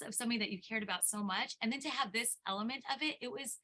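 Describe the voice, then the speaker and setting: A woman's voice: a little high, fast, few pauses, sharp tone. A middle-aged woman attorney giving an impassioned seminar talk, telling a story with lots of restarts and repeated words. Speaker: elder law attorney speaking at a seminar.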